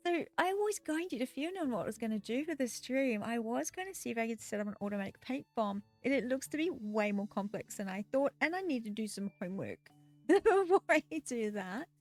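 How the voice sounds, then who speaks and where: Bubbly high-pitched woman streaming a game, lots of giggles, chatty, soft music under her. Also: animated, brisk. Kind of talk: casual live-stream chat while playing.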